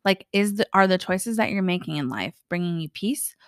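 A woman's voice: on the low side, expressive, normal speed, dry recording, clean studio sound. A woman co-hosting a podcast, chatting casually and often agreeing. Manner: agreeable, frequent affirmations. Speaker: podcast co-host. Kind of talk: casual chat.

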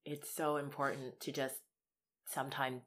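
A young woman co-hosting a casual film podcast, talking in an animated, emotional way and swearing freely. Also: extremely low pitch, normal speed. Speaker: podcast co-host.

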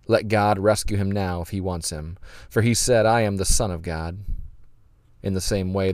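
A man hosting a podcast, reading scripture aloud in an earnest, measured way and then explaining it. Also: low voice, darkish tone, no room sound, clean studio sound. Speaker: podcast host.

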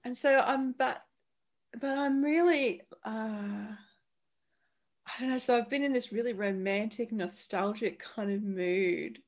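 Woman in her thirties, podcast co-host, animated and giggly casual talk. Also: fairly high pitch, a little slow. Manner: animated, laughing, restarts often. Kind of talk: casual chat.

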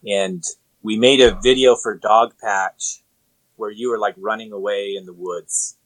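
A man's voice: fairly low pitch, a little slow, poor audio. A man in his thirties, a guest on a video call, telling stories and teasing the hosts. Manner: teasing, animated storyteller. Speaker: podcast guest. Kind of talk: casual chat.

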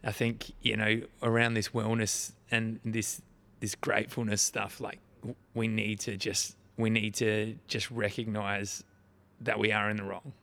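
A man's voice: on the low side, little pitch movement, a little slow, gravelly, sharp tone. A man hosting a casual podcast chat, telling candid stories in a chatty way. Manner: candid, chatty storyteller, laughs easily. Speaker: podcast host.

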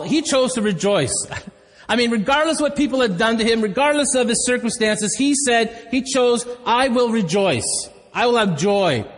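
Candid male pastor in a reverberant hall. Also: high voice. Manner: storytelling, candid and self-deprecating. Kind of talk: sermon. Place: church hall.

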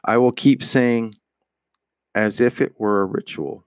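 A man's voice: medium pitch, fairly even intonation, unhurried, pauses often, clear, resonant tone, no echo, studio quality. A man giving a dramatic reading of a father's remorseful letter, earnest in tone and sometimes stumbling and restarting a word. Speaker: reader.

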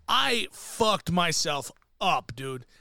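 A man's voice: a little high, extremely slow, gravelly, no echo, clean studio sound. A man co-hosting a podcast, telling a profane comic story and acting out the people in it. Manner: profane, animated, acts out quoted voices. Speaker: podcast co-host. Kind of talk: casual comedic storytelling.

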